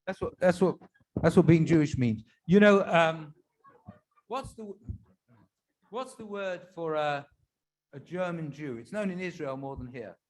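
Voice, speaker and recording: A man, a rabbi, telling jokes at a tribute event in a synagogue, pausing with fillers and restarts and slipping into German and Yiddish phrases for his characters. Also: fairly high pitch, darkish tone. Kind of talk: stand-up joke telling at a tribute.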